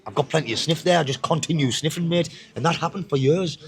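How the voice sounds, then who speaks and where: Talking fast in a slightly high, creaky voice, a Northeast England man recounts his life story as a guest in relaxed conversation. His accent is Northeast English, and he's blunt, sweary and repetitive.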